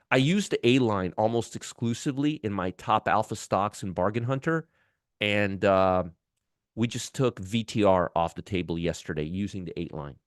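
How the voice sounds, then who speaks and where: A man's voice: on the low side, clean tone, no room sound, studio quality. A man hosting a stock trading show, talking casually and enthusiastically about charts, often repeating words and restarting phrases. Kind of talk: casual market commentary.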